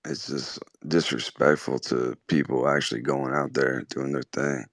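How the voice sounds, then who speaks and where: A man's voice: very deep voice, steady tone, moderate pace, no room sound. A male caller from Detroit, challenging the host in a hesitant, mumbling way.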